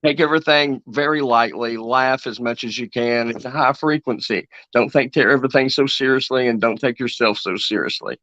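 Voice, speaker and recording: A man's voice: mid-range voice, fairly quick, hardly any pauses, fairly bright tone, no room sound. A man with a Kentucky accent, guesting on a casual chat show, joking and sarcastic. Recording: muffled lo-fi audio.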